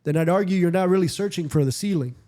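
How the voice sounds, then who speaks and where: A man's voice: high voice, quick pace, mellow. Laid-back rambling male podcast host. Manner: rambling, frequent fillers and profanity. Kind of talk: casual chat.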